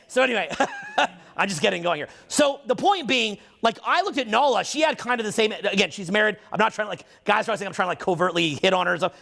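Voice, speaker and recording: Here a man who works as a social skills coach rants off the cuff in a high, sharp voice with vocal fry. The monologue is heated, emphatic and profane, and he rattles through it quickly, picking up momentum the longer he goes.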